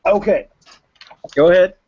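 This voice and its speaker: A man's voice: high voice, measured pace, breathy edge. Laid-back male game master. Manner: relaxed, thinking aloud with fillers. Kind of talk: running a tabletop game. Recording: dull lo-fi recording.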